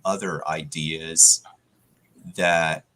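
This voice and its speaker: Man, very low voice, slow, reflective, thoughtful chat. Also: fairly even intonation, bright, forceful tone, poor audio. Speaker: guest on a radio chat. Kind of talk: casual call-in chat.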